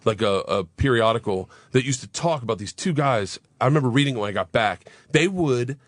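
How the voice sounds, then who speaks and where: A man in his thirties, a comedian guest on a studio talk show, telling a wild story in a profane, excitable way. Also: mid-range voice, brisk, no echo. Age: 30s. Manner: profane, excitable, acts out voices. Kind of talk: animated storytelling on talk radio. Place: radio studio. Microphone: studio microphone.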